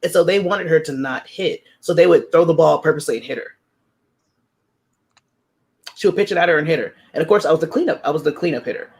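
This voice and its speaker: A woman from Texas chatting casually on a group video call, telling animated sports stories and swearing freely. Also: sits low, fast, pauses often. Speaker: writing sprint participant. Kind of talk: casual chat.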